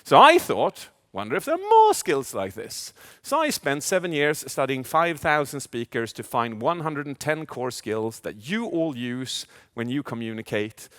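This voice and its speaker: A man speaking as a communication coach in a live keynote, animated, asking the audience questions and acting out inner voices. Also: mid-range voice. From Sweden. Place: large event hall. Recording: long hall reverb.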